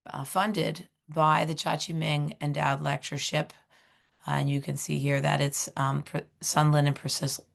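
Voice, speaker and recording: Hoarse, gravelly low-voiced woman host. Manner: halting, many fillers. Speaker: seminar host, director of education. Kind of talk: webinar introduction.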